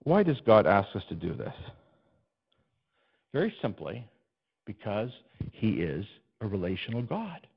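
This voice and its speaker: A man preaching a sermon as pastor, swinging between hushed low passages and loud, soaring ones, often putting questions to the congregation. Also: very animated, measured pace, gravelly, long pauses, breathy edge, muffled recording. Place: church.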